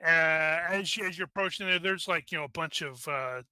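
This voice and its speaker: Bright-voiced game master narrating. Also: male voice, fairly high pitch, moderate pace, smooth, dry recording. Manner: loose, rambling with many fillers.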